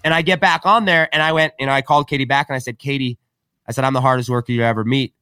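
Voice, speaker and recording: A man's voice: medium pitch, steady tone, racing, bright, forceful tone, smooth, no room sound, studio quality. A man talking casually on a podcast. He tells stories animatedly, acts out quoted dialogue, and says "right?" and "like" a lot. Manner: frequent filler "right?" and "like". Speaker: podcast guest.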